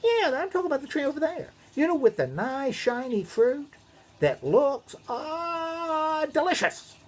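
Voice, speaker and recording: A woman's voice: sits high, big pitch swings, a little slow, pitched above the performer's own voice. A woman voicing a sly coaxing snake.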